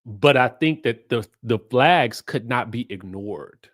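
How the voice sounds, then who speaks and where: A man with runs a casual pop culture commentary. His pitch swings widely as he teases and riffs, and his unhurried delivery sits close and dry on the mic. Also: no room sound. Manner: animated, playful, sassy asides to viewers. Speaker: host.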